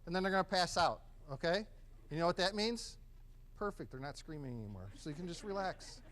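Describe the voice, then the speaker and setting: First aid teacher guy, high voice for a man, chatty and encouraging, classroom demo. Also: expressive, brisk, fairly bright tone. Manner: casual, encouraging, conversational.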